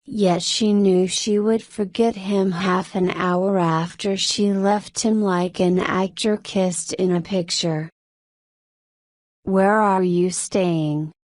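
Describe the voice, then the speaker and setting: A woman narrating a novel slowly and carefully for English learners. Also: medium pitch, steady tone, a little mellow, no room sound, clean studio sound. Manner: slow, careful reading.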